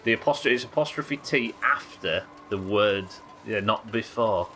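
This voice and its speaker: A man's voice: on the low side, normal speed, pushed and bright, slight background noise. A man chatting and joking with viewers while playing a game on a live stream, swearing casually as he goes. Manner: chatty, jokey, swears casually, teases chat.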